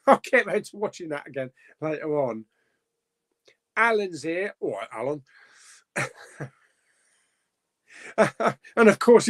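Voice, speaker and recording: A middle-aged man talks casually on a live stream. He sits a little high for a man's voice and his pitch swings a lot. He rambles with fillers and chuckles between comments. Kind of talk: casual live chat reading viewer comments.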